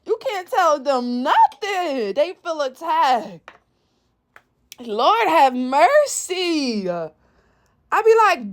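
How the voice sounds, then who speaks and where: A woman vlogger in a casual monologue rant, blunt and profane, telling everyday stories with animated energy. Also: high-pitched, extremely slow.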